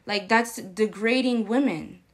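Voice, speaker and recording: A woman's voice: mid-range voice, unhurried. A woman in a church meeting pressing the elders with pointed questions. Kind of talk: meeting on a call.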